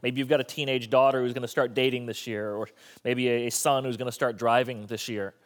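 A man's voice: medium pitch, fairly even intonation, fairly quick. A male pastor preaching a sermon in a conversational style with joking asides.

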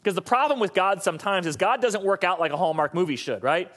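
A man pastor giving a casual, animated sermon, talking to his audience and asking them questions. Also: sits high, quick pace.

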